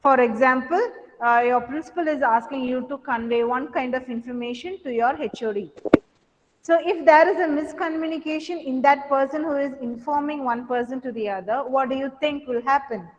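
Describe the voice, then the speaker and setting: A woman with a high voice teaches a class on communication, asking questions and repeating her points with frequent fillers. The sound is dull and lo-fi, with a long reverb from the hall. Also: normal speed. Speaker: college lecturer. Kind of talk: classroom lecture on communication skills.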